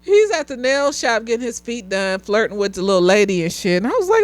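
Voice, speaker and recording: A slightly tipsy woman gives a loose, casual review of a TV show. Her pitch leaps all over as she talks, and she laughs often and swears freely. The sound is close and dry. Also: sing-song, a little fast, few pauses, no room sound.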